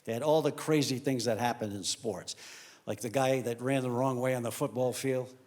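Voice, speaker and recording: A stand-up comedian telling jokes on stage, shifting between deadpan storytelling and loud punchlines. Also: male voice, medium pitch, moderate pace. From Italian heritage. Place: comedy stage before a live audience.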